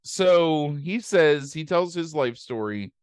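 In clean studio quality with no echo, a man with a slightly high, smooth, expressive voice talks at a slow pace. Hosting a podcast, he casually recaps a movie plot in rambling chat, full of fillers and easy swearing.

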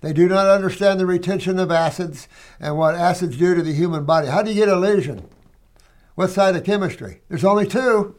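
A man's voice: high-pitched, fairly quick. A man hosting a health show, speaking in a folksy, emphatic way and calling listeners "honey" and "dear one". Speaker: health show host reading viewer letters. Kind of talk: casual monologue answering letters.

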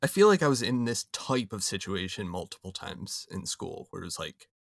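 Gravelly-voiced male podcast co-host. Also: low voice, sing-song, normal speed, fairly bright tone, no room sound, studio quality. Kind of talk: casual podcast chat.

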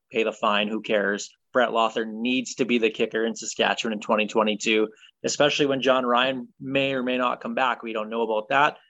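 A man hosting a casual sports podcast, leading segments in a brisk, opinionated way. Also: mid-range voice, a bit bright, no echo. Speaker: podcast host. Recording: dull, dry sound.

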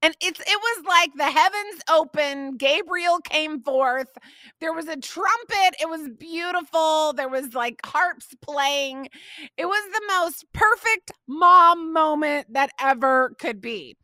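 A woman, hosting a podcast and telling a family story in a gushing, animated way, laughing often. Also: sits high, slow pace, dry recording, clean studio sound. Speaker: podcast host. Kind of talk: casual storytelling to listeners.

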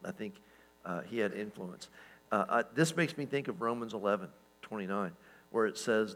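A man pastor giving a sermon in a relaxed, conversational way, with lots of fillers and restarts and chuckles at his own stories. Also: lowish voice, moderate pace, poor audio.

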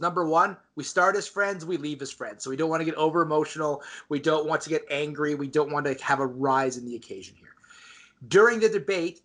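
A man hosting a debate podcast, energetically explaining the show's rules to listeners. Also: fairly high pitch. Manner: energetic, talks straight to listeners. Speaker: podcast host.

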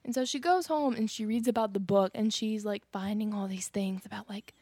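A woman's voice: medium pitch, a little fast, darkish tone, no echo. A woman casually retelling a movie plot in a chatty way, full of "like" and quoted lines. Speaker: podcast co-host recapping a film. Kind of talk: casual chat.

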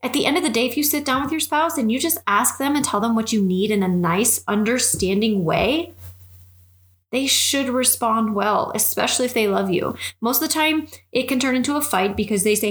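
A woman's voice: a little high, brisk. A woman fitness and nutrition coach giving advice in an earnest, encouraging way and acting out little bits of dialogue. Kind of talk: advice monologue. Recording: echoey room.

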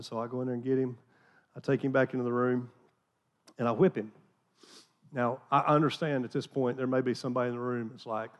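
A middle-aged man from the American South, a pastor telling a folksy, self-deprecating story in a sermon, chatty with many restarts. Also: medium pitch.

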